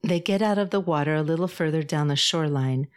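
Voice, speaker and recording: A woman reading her own story aloud as podcast host, calm and measured. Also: low voice. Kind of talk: storybook narration.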